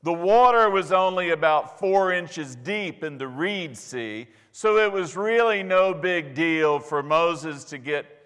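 Smug male professor, condescending lecture tone, slow delivery with long hall reverb, as a preacher puts him on. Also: a little high, a bit bright, clear, resonant tone. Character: smug liberal male Old Testament professor.

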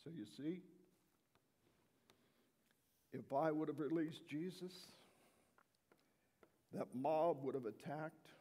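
A troubled Roman governor justifying himself, played by a man, speaking in a slightly raised voice that drags slowly through each line. He tells his story earnestly, swinging from shouting to near hush. His voice rings out in a long hall reverb. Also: fairly high pitch. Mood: guilt-ridden. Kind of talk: dramatic first-person monologue.

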